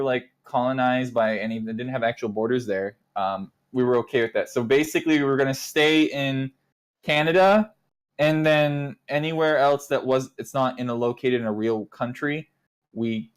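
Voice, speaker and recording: A man's voice: medium pitch, normal speed, clean tone. A young man casually recounting the history of his online community as its leader, rambling and acting out quoted exchanges.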